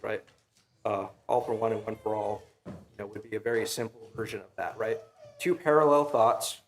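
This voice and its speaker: Young male preacher, mid-pitched, casual sermon delivery with lots of fillers. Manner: casual, storytelling, frequent fillers and "right?". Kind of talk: conversational sermon. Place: church sanctuary.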